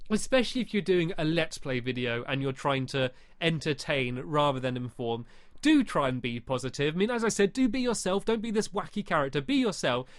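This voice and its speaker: A man's voice: fairly high pitch, dry recording, clean studio sound. A man hosting a podcast, giving casual advice in a chatty, rambling way full of fillers. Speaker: podcast host.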